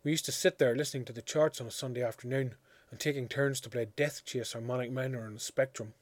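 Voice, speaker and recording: A man narrating a literary story in a measured, quiet, reflective way. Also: medium pitch, fairly even intonation, no room sound. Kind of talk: audiobook reading of a literary story.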